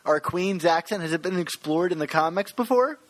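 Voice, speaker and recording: A man from Maryland co-hosts a comics podcast with a slightly raised pitch. He chats casually and reads listener questions aloud. The recording is dry, with no room sound. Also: lively intonation, fairly quick, no echo. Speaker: podcast co-host. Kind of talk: casual chat.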